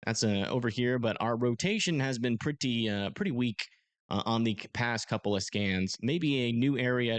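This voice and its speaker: A young man hosting a live storm-tracking stream, talking casually and haltingly with many fillers as he reads radar. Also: fairly low pitch, dry recording. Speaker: storm-tracking livestream host. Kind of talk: live weather commentary.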